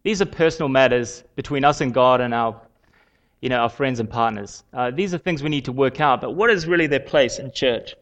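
A man giving a sermon in a conversational way, with frequent pauses and fillers. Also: mid-range voice, a bit bright. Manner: conversational, halting with many fillers. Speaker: preacher.

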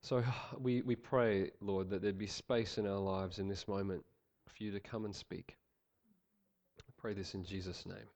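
A man preaching a sermon, praying and reading scripture in an earnest, measured way, slightly nasal from a head cold. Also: sits low, fairly even intonation, a little mellow. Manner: earnest, measured, some fillers.

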